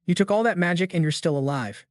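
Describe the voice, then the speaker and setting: A man voicing a teenage bully, sneering, yelling, slightly high, dry sound. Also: fast, no room sound, close to an everyday voice. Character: arrogant hot-headed teenage male student bully.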